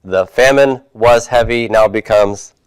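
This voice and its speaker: A man's voice: lowish voice, unhurried, clean tone, no echo. A man teaching a Hebrew class, reviewing homework and patiently asking his students questions before answering them himself.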